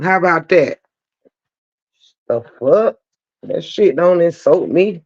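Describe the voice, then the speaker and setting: A man, hosting his own channel and roasting critics in a profane, taunting, drawn-out sassy rant. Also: fairly high pitch, lively intonation, darkish tone. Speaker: channel host. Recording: dull lo-fi stream audio.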